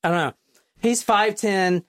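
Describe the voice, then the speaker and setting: A woman's voice: mid-range voice, unhurried, no echo, studio quality. A woman hosting a casual podcast, telling a true crime story in a rambling, profane way with lots of fillers. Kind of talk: casual chat.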